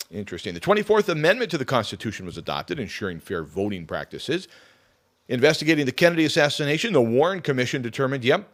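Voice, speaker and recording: Lively chatty man hosting talk radio. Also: fairly low pitch. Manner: chatty, reads lists and adds quick asides. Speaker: radio talk show host. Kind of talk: casual radio talk monologue.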